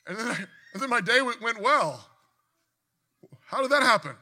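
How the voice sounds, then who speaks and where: A man's voice: extremely high pitch, expressive, moderate pace, bright, forceful tone. A man preaching a sermon in an earnest voice, building to emphatic bursts, often restarting his sentences.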